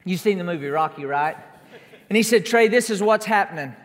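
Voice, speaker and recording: A man preaching a sermon, emphatic, stacking repeated declarations that build up to shouts during a church service. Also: high-pitched, expressive, brisk. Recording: long reverb of a large hall.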